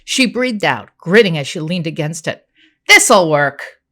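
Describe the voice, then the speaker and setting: Brief: woman narrator for a first-person audiobook, bright voice, expressive and animated delivery. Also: low-pitched, normal speed.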